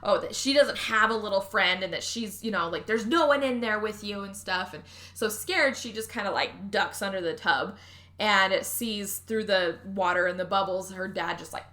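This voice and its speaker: A woman hosting a podcast, recapping a movie in casual chat, animated and swearing, acting out the characters' lines. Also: mid-range voice, normal speed. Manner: animated, swearing, acts out quotes. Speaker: podcast host.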